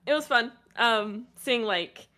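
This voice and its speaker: A woman's voice: on the high side, expressive, slow pace. A young woman co-hosting a stream, chatting casually and giggly with many fillers. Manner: giggly, filler-heavy, soft trailing phrases. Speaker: co-host friend. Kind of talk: casual chat.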